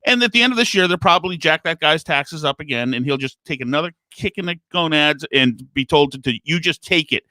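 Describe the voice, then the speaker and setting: A man co-hosts a talk show and backs up the host with indignant comments. His voice is bright and forceful, set a little high, and the sound is dry. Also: fast, few pauses, no echo. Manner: agreeing, indignant asides. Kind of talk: talk radio banter.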